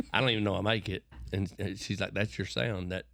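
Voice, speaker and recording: A man's voice: sits low, fairly even intonation, brisk, creaky, fairly bright tone, dry recording. Folksy West Texas cowboy drawl, man. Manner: folksy, repeats and restarts words, preachy bursts. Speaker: interview guest. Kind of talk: rambling conversational storytelling.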